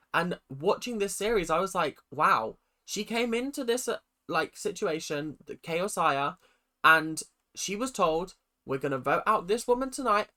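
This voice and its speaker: Animated guy reacting to TV. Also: high voice. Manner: animated and effusive, with quoted asides. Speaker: reaction video host. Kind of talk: casual reaction commentary.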